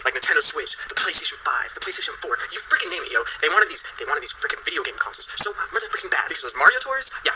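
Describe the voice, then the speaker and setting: A cranky talking pickle, played by a young man, rants and curses with a sharp, bright tone. He talks fast, sitting slightly higher than the average man's voice. Faint noise hums behind him. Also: rough recording. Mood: angry. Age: young adult. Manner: gruff, ranting, cursing. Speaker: co-host.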